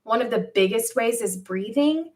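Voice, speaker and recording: A woman in her thirties talks straight to her livestream viewers from home, with a slightly high voice. She tells a personal story candidly and acts out her own quoted lines with lively asides. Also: normal speed. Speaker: livestream host. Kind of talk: casual livestream chat.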